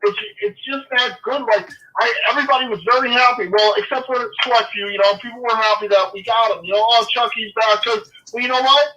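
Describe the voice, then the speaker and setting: Fired up fan guy ranting about his team, sharp bright voice, sounds like a phone call. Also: extremely high pitch, quick pace, few pauses. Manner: fired-up ranting, swears and apologizes. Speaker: guest fan. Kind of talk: casual sports chat.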